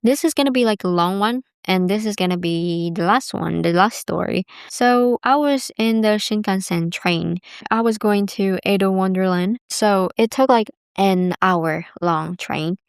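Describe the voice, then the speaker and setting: A woman's voice: medium pitch, unhurried, few pauses, smooth, no room sound, clean studio sound. A woman, telling stories in a chatty, rambling way full of "like". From Bali, Indonesia. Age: 20s. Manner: chatty, rambling, heavy use of "like". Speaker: vlogger. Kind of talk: casual storytelling.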